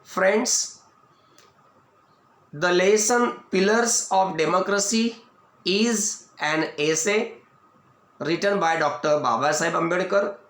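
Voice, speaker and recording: A man with an Indian English accent giving a video lecture as an English teacher, explaining slowly and restating each point. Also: high-pitched, a bit bright. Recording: echoey room.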